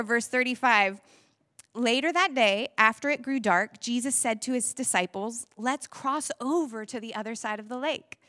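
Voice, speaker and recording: A woman preaching a sermon in a church, telling the story with animated energy and frequent laughter. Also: fairly high pitch, no echo, clean studio sound. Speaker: pastor.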